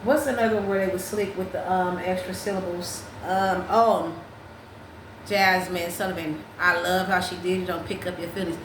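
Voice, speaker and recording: A woman hosting a casual chat, talking in an animated, profane way, restarting her sentences and breaking into sung snippets. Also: on the low side, normal speed, background noise. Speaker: podcast host. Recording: roomy echo with faint ambience.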